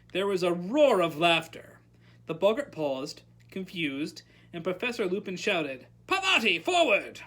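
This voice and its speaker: A librarian reading a novel aloud at storytime, animated and calling out the characters' lines. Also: mid-range voice.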